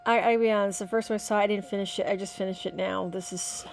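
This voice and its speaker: A woman hosts a podcast in a loose, wry, chatty way, reacting to clips and calling her listener honey. Her pitch sits in a middle range. A faint hum runs under her voice. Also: little pitch movement, moderate pace. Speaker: podcast host. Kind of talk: casual commentary on clips.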